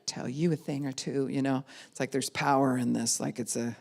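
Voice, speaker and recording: A middle-aged woman pastor giving a sermon, animated and acting out the voices of the people she quotes. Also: very deep voice, moderate pace, vocal fry. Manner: animated, acts out quoted voices of kids and adults.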